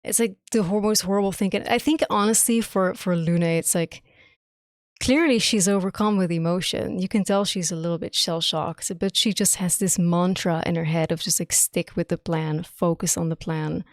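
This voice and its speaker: A woman's voice: lowish voice, fairly even intonation, normal speed, no room sound, studio quality. A young woman streamer giving live reaction commentary on a game, gushing and emphatic, swearing often.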